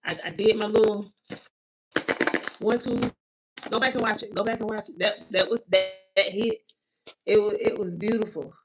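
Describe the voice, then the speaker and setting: Woman, tarot reader, livestream chat, emotional, close to tears, repeats phrases, mid-pitched voice. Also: steady tone, moderate pace, pauses often, low-quality recording. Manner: emotional, repeats herself, addresses viewers as girl; spiritual, ends with a prayer. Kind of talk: emotional live-stream chat.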